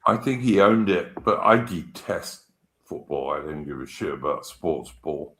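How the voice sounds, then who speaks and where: A man with a British English accent chatting on a stream, blunt and sweary, telling stories in an animated way. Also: extremely low pitch, a little slow, reverberant. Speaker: regular guest on a stream. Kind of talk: casual chat.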